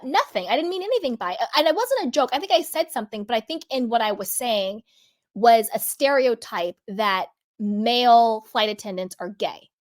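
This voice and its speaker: A woman hosting a casual commentary vlog, talking earnestly and slowing down to stress key words. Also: fairly high pitch. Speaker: host.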